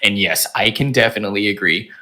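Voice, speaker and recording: Young male guest, low but bright-toned voice, energetic and chatty. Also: fast talker. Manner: energetic, animated storytelling full of fillers. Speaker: podcast guest. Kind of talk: casual chat.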